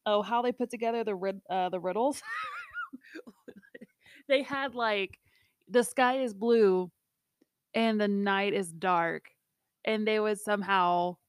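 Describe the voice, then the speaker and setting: A woman's voice: mid-range voice, slow pace, pauses often, clean tone, no echo. Chatty woman podcaster, dry close sound. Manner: chatty, laughs often, lots of fillers. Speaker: podcast co-host. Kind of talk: casual chat.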